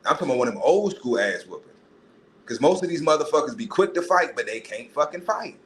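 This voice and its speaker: A man hosting a podcast, ranting in a profane, animated way and putting on mocking voices. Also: fairly high pitch, fast, slight background noise, low-quality recording. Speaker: podcast host. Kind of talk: casual monologue.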